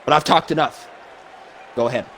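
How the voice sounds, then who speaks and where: A man voicing a weary, emotional male wrestler in a fan wrestling promo, talking in halting, stammering restarts. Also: mid-range voice, a bit bright, some chatter behind, a little hiss or hum, lightly acted. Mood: earnest. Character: weary, emotional male wrestler, middle-aged, soft-spoken. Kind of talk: wrestling promo role-play.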